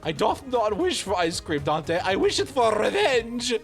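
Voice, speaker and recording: A man's voice: high voice, big pitch swings, unhurried, soft background music, pitched above the performer's own voice, exaggerated voice. A man voicing a theatrical, flowery young woman knight with archaic, grandiose speech on a game stream. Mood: vengeful.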